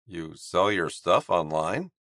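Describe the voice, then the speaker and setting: A man's voice: low voice, expressive, slow pace, fairly bright tone, dry recording, studio quality, full character voice. A man voicing a laid-back, wry young male hockey player in an audiobook. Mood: dry. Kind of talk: audiobook character voice.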